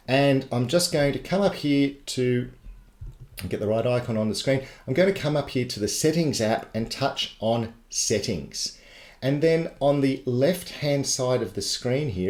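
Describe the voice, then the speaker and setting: Guy walking thru a tech how-to, mid pitch, lots of room echo. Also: a little mellow. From Australia. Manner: chatty step-by-step explaining. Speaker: tech tutor. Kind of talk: live webinar tutorial. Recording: echoey live broadcast.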